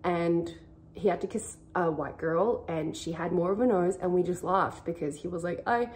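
This is a young woman who speaks in a lower register than most women. She talks casually and earnestly about faith and relationships, rambling from thought to thought and filling gaps with "like" and "you know.". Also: steady tone, moderate pace, a little mellow, slight background noise. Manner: earnest, rambling, heavy use of "like". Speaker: vlogger. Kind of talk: casual faith-based advice chat.

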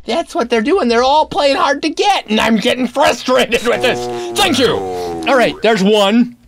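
Male let's-play host, unhurried and animated, silly banter with sudden yelps. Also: extremely high pitch, gravelly, crowd noise. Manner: excitable, talks to the game's keys and locks. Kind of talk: playing a horror maze game. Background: game music.

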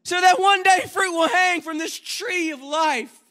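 A man preaches from a church pulpit in a very high, ringing voice. His delivery is fervent and rises into shouts. He also slips into quick, quiet joking asides. The tone stays bright and cutting throughout. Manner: impassioned preaching that swells into shouts. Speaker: guest preacher. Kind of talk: sermon.

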